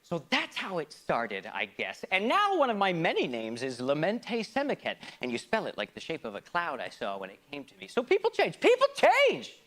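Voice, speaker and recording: A man performing a theatrical comic monologue, swinging between loud outbursts and hushed asides in a mock-grand, philosophical manner. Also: fairly high pitch, huge pitch swings, moderate pace, few pauses. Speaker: stage performer.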